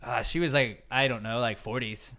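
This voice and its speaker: A young man co-hosting a podcast, telling a story in a casual, animated way and acting out the people he quotes. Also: medium pitch, moderate pace. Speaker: podcast co-host. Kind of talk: casual chat.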